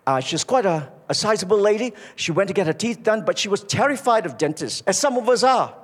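A man preaching a sermon, telling stories and dropping low and soft on his key points. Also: expressive, quick pace, husky. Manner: storytelling, emphatic, drops low for key points. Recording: echoey hall.

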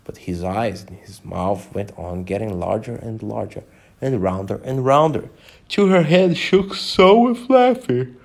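A man reads a children's story aloud in a gravelly voice that rises and falls freely. His reading is casual and unpolished, with restarts and small asides. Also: lowish voice, sing-song, measured pace.

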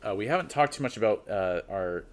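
A man's voice: fairly low pitch, animated, a little fast. A man on a film podcast, casually retelling scenes he remembers. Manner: storytelling, recounting scenes. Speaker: podcast co-host.

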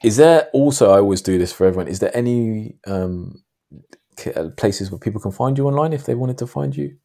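A man hosting a podcast, telling a long story in a rambling, animated way. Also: on the low side, brisk. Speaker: podcast host. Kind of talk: casual podcast chat.

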